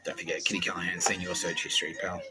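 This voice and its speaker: A man's voice: deep voice, quick pace, background noise. An Australian man telling a comedy story on a podcast, swearing freely and acting out the voices of the people in it. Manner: profane, animated, acts out quoted voices. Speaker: podcast host.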